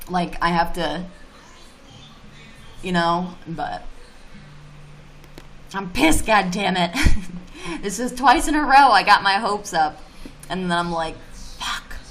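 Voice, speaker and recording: Woman venting on a livestream, low-ish voice, cusses a lot, faint hiss behind her. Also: slow, long pauses. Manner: blunt, swears freely, animated ranting. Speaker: YouTuber streaming live. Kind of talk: casual livestream chat reading comments.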